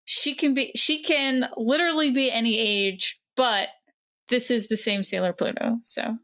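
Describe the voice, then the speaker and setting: A woman's voice: on the high side, unhurried, sharp tone. A woman co-hosting a podcast, chatting casually and explaining in a wry way with fillers. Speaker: podcast co-host. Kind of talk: casual chat.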